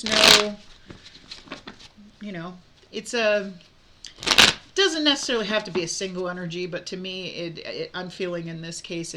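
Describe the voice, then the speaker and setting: Woman doing a tarot reading, bright clear voice, chatty and blunt, lots of um and you know. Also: fairly low pitch, a little hiss or hum. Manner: chatty, frank, many fillers and restarts. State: hiccups. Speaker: tarot reader.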